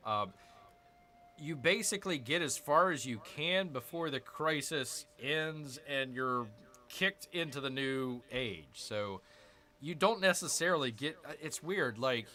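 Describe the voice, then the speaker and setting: A gaming channel host talks casually through a strategy game in let's-play style, repeating himself and addressing viewers as "people." His medium-pitched voice is bright and forceful.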